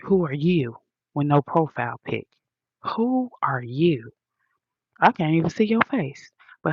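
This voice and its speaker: Slow, gravelly woman ranting bluntly. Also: sits low, big pitch swings, no echo, muffled recording. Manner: blunt, profane, preachy slang. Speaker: livestream host answering comments. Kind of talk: casual livestream rant.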